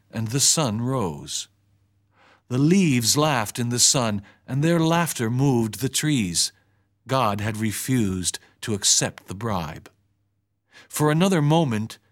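Reading a scripted story chapter, the male audiobook narrator uses a mid-range voice. He tells the tale in a calm, even, measured way.

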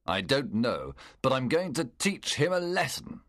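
A man's voice: medium pitch, very animated, unhurried, fairly bright tone, dry recording. Narrator doing a stern man of the house, firm and scolding, dry sound. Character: gruff, angry homeowner man.

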